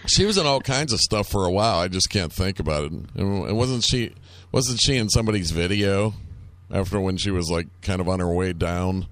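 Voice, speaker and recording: Sarkastyczny mężczyzna o niskim głosie. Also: male voice, low voice, fairly quick, hardly any pauses, fairly bright tone, dry recording. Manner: crude, sarcastic banter. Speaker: radio show host. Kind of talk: casual chat.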